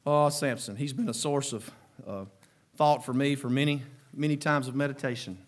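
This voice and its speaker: A man preaching a fervent sermon, breaking into shouted exclamations and then dropping to quieter, chuckling asides. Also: medium pitch, fairly even intonation, normal speed.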